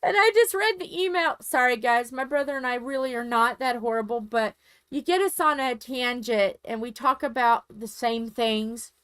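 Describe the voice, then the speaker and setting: A woman's voice: fairly high pitch, moderate pace, fairly bright tone, clean tone, no room sound. A woman chatting casually on a home live stream, rambling and joking and swearing freely.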